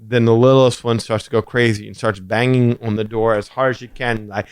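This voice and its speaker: A man co-hosting a podcast, telling a story in casual chat and acting out quotes in a high voice. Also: fairly quick, clean tone, no room sound. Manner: animated, acts out quotes in a high voice. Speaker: podcast co-host.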